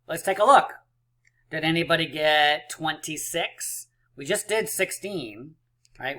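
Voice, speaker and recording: A man's voice: a little high, pushed and bright. A male teacher leading a counting lesson for young children, encouraging and playful as he counts dots aloud.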